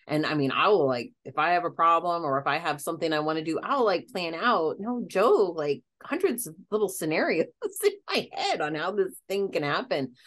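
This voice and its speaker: A woman telling stories in a casual conversation, chatty and quick to laugh. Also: on the low side, lively intonation, a bit bright. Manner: chatty storyteller, breaks into laughter.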